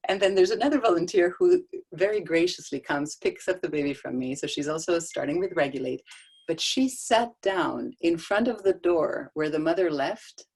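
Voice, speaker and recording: Middle-aged woman, low voice, chatty storyteller who laughs often, speaking over a video call. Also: moderate pace, darkish tone, husky. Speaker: guest speaker on child development. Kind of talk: casual talk on a video call. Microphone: video call microphone.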